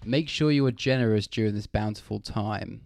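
Male co-host, gravelly voice, dry delivery, dark jokes. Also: on the low side, normal speed, no room sound. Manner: deadpan, crude jokes, reads aloud from a book. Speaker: podcast co-host and producer. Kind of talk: casual chat.

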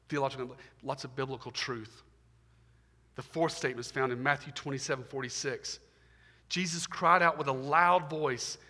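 A man pastor preaching a sermon, emphatic and repetitive, swinging between loud stresses and quiet drops. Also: mid-range voice. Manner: emphatic, repetitive preaching with rising and falling intensity. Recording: long hall reverb.

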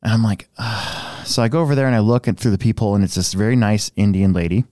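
Man, podcast co-host, rambling casual storyteller, clear resonant voice, dry studio sound. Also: on the low side, fast, dry recording. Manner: rambling, restarts often, animated when telling a story.

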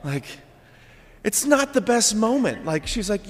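Priest guy preaching a homily, chatty, keeps saying "right?", fairly high voice, church echo rings long. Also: measured pace. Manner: conversational, animated, often adds "right?" and "like". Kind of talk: sermon.

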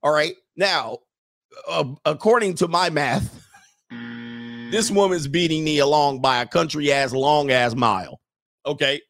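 A man's voice: fairly high pitch, animated, slow, long pauses, a bit bright, slight background noise. A man hosting a casual commentary show, talking bluntly with profanity and mocking jokes, laughing at his own remarks. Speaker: host.

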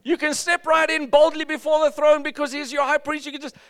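A man preaching a sermon as pastor, energetic and emphatic, with jokes to the congregation. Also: very high-pitched, brisk, dry recording.

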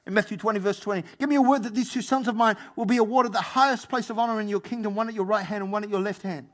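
A male pastor, preaching a lively sermon and joking with his congregation. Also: sits high, rapid-fire. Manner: playful, joking asides to the congregation.

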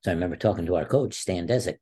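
A man's voice: racing, husky. A man in his sixties, an interview guest telling a long story in a casual way, acting out what others said. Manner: animated storyteller, acts out quotes with a raised pitch. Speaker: interview guest, former wrestler.

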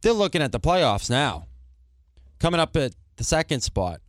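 A man, co-hosting a casual sports podcast, calmly running through the episode's segments. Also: on the high side, normal speed. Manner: steady show-runner, reads the segment lineup. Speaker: podcast co-host.

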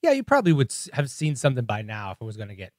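A man's voice: mid-range voice, huge pitch swings, rapid-fire, dry recording, clean studio sound. A man co-hosting a podcast in casual chat, rambling in a laid-back way and saying "like" often. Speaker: podcast co-host. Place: podcast studio.

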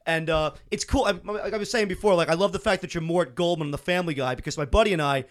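A man's voice: sits high, fast talker. A man hosting a casual chat, loose and enthusiastic, with lots of "like" fillers. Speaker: podcast host.

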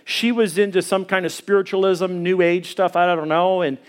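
Middle-aged pastor guy preaching, chatty storyteller, lots of uh's, pretty high voice. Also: fairly even intonation, moderate pace. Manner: conversational storytelling, hesitant fillers; acts out quoted voices in a higher pitch. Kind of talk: sermon.

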